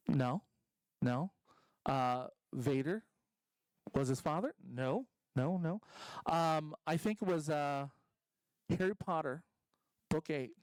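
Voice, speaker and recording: A man's voice: fairly high pitch, clear, resonant tone, dry recording, rough recording. A man doing a stand-up comedy set at a convention stage, rambling and self-deprecating, full of ums and restarts.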